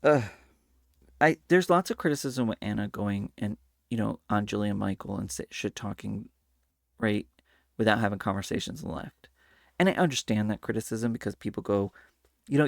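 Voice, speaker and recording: A man's voice: fairly low pitch, brisk, creaky, dry recording, studio quality. A man hosting a casual political commentary video, talking animatedly and slipping into mocking voices when he quotes people. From Hispanic Latino background. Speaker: commentary channel host.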